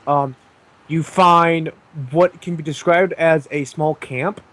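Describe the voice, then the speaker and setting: A man narrating as game master of a tabletop game, casual and halting, with many pauses and ums. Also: a little high, steady tone, a bit bright.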